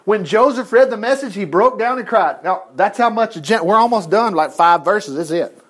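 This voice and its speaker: A male preacher with a high voice that swoops up and down as he reads scripture. He stops for folksy, chuckling asides and plays out the characters' lines in changed voices. Casual and lively. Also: moderate pace. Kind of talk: sermon, reading and commenting on scripture.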